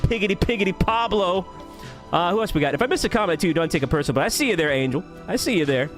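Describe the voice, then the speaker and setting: A man streaming live, cheerfully greeting viewers by name and thanking them with quick laughs. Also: on the high side, sing-song, over music. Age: adult. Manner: upbeat, rapid shout-outs with laughs. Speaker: YouTube streamer.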